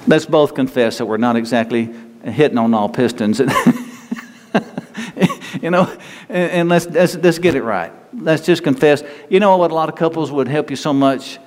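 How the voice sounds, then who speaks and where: A pastor with a medium-pitched, darkish voice preaches a sermon in a folksy, conversational style, acting out quotes from the people he describes. Long hall reverb and faint ambient noise surround the recording.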